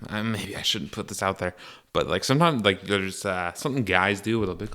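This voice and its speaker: A young man rambles his way through a solo podcast, crude and full of restarts and fillers. His voice sits low but comes out bright and clear. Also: fast talker. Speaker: podcast host. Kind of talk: casual solo podcast monologue.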